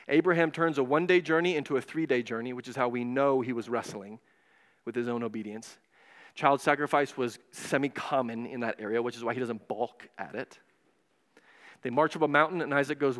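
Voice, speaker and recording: A man preaching a casual, animated sermon in a church, retelling stories and acting out the voices with quick asides. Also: mid-range voice. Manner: animated, digressive, acts out voices. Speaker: pastor. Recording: long hall reverb.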